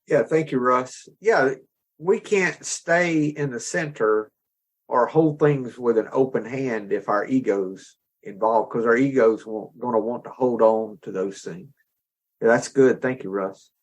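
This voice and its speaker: Calm man leading a group discussion. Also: medium pitch, measured pace. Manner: calm, affirming, calls on each speaker. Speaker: meeting facilitator. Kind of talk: casual discussion.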